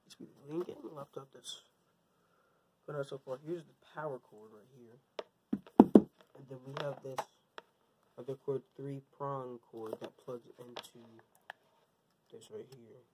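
A young man talks his way through an unboxing in a chilly bedroom, voice trembling a little from the cold. He rambles in an excited, slangy way at a middle pitch. Loud noise runs under the whole recording. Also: unhurried, long pauses. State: shaky voice from the cold. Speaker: tech unboxing vlogger. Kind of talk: casual unboxing vlog.

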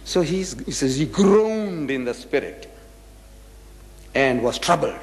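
Male religious lecturer, lively swinging intonation, slightly high voice, long hall reverb. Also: takes it slowly, creaky. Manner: animated, explaining verses with rhetorical questions. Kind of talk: religious lecture quoting scripture.

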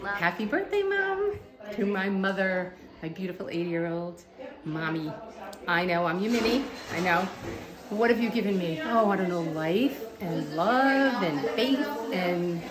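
A woman's voice: lowish voice, a little slow. A woman giving a doting birthday message to her mother. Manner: doting, affectionate. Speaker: daughter. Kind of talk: birthday tribute. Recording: party crowd behind.

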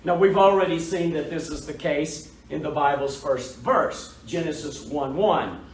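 A male pastor with an East Texas accent teaching a Bible study in a church, in a measured, emphatic way that repeats key phrases. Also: on the high side, slight background noise. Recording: echoey room, mic far off.

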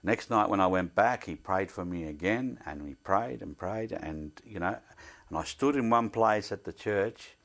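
Older deep-voiced man telling his story. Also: animated, moderate pace, a bit bright. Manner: plain-spoken storyteller, acts out the voices of others in his story; devout, speaks earnestly of faith. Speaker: interviewee.

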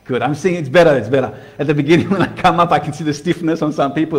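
A man preaching to a live congregation, conversational and direct, asking the room questions and swinging between hushed and loud. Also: on the high side, racing, few pauses. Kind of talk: sermon. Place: church hall before a live congregation.

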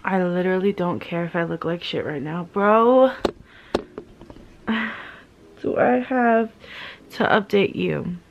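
A woman's voice: fairly low pitch, takes it slowly, long pauses, lo-fi sound, slight background noise. Young woman, pained and weary, casual vlog talk, candid, curses, lots of "like". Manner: candid, swearing, heavy use of "like". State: in pain, weary. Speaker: vlogger.

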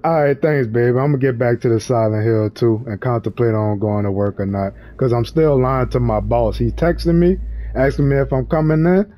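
A man's voice: medium pitch, normal speed, warm tone. A young man chatting casually with an AI assistant, loose and full of street slang. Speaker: vlogger talking to an AI assistant.

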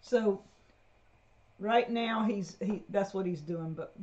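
A woman's voice: mid-range voice, slow, a little mellow. A woman telling stories on a homestead livestream in a chatty way, laughing often. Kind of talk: casual live chat. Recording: dull lo-fi livestream audio.

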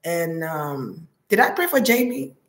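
A woman's voice: lowish voice, very animated, a little slow, reverberant. A woman giving a spiritual reading as a monologue, talking intensely and repeating prayer words like a chant. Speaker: spiritual reader.

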